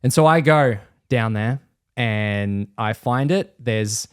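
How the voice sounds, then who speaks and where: A man's voice: mid-range voice, slow pace, smooth, dry recording, studio quality. Young man telling a swear-filled story. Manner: swears freely, animated storyteller who mimics others. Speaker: podcast host. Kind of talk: casual storytelling chat.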